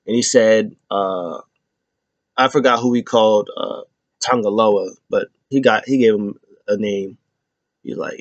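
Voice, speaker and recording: A man casually recapping wrestling shows, rambling with lots of fillers and jumping into high, squealing impressions when he quotes people. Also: steady tone, moderate pace, a little mellow, no room sound, highs cut off. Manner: loose and rambling, many fillers, acts out quotes with sudden high-pitched squeals. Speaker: wrestling show host.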